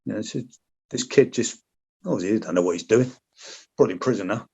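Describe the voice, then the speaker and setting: A man's voice: on the low side, fairly quick, gravelly, mellow, slightly rough. Guy telling army stories, swears a lot, a bit dull lo-fi sound, middle-aged. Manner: blunt, heavy swearing, acts out quoted lines. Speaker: podcast guest, former soldier. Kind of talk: casual storytelling. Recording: slightly dull lo-fi audio.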